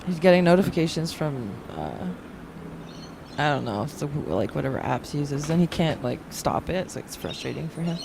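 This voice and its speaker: A woman's voice: low voice, animated, brisk, vocal fry. Chatty middle-aged woman, noisy recording. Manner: chatty, laughs often. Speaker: co-host. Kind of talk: casual chat.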